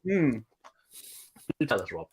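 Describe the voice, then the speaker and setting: A man co-hosting a casual film chat, low-key as he reads out names from the live chat. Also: big pitch swings, takes it slowly, slight background noise.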